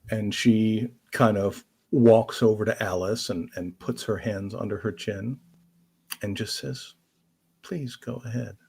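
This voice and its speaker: Gravelly-voiced male game master. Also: lowish voice, measured pace, slight background noise. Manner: relaxed, descriptive narration with hesitations. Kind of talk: narrating a tabletop game.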